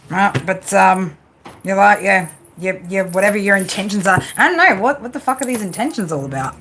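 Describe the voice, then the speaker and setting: A woman's voice: mid-range voice, expressive, fairly quick, fairly bright tone, slight background noise. A woman giving a live tarot reading. She is blunt and swears freely. She coaches emphatically and keeps asking "right?". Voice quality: blunt and profane, peppers talk with "right?". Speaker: tarot reader.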